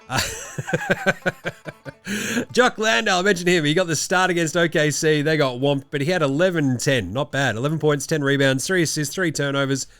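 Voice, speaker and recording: A man's voice: mid-range voice, a bit bright, clean tone, no room sound. Jokey Australian man talking hoops. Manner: jokey, rattling off stats. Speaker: host. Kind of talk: casual chat.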